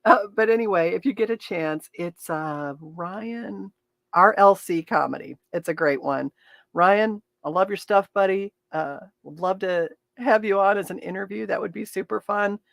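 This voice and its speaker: A woman's voice: mid-range voice, normal speed, creaky, dry recording. A woman hosting a casual livestream, chatting and laughing with her viewers. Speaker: livestream host.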